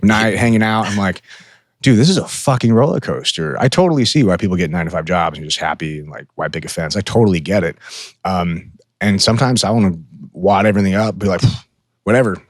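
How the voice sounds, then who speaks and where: A man's voice: deep voice, fast, no echo, clean studio sound. A man co-hosting a podcast in casual chat, blunt and profane, acting out the voices in his head. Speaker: podcast co-host.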